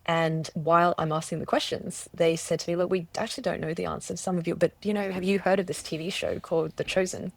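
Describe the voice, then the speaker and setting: A woman's voice: on the low side, fairly even intonation, fast, creaky, few pauses, no echo. A woman from Australia telling her personal story as an interview guest, earnest and searching, often restarting and quoting herself. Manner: earnest, searching, with many restarts and self-quotes. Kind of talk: personal testimony in conversation.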